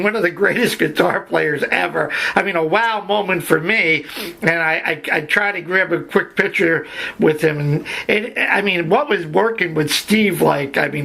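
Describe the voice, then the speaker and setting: Gravelly, enthusiastic male podcast host. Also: sits high, pushed and bright. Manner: effusive, enthusiastic, stumbling restarts. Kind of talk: casual radio interview.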